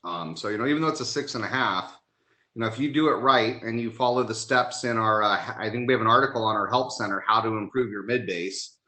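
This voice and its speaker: A man's voice: fairly low pitch, fast talker, bright, forceful tone. A man speaking as a technical trainer in a live online session, emphatic and enthusiastic, recorded in an echoey room on a video call mic. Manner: emphatic, enthusiastic about installation.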